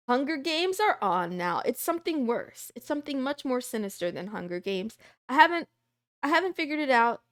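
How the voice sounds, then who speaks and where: A woman's voice: on the high side, no echo, clean studio sound. A young adult woman streamer chatting casually and playfully with her live chat, rambling from topic to topic. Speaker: VTuber streamer.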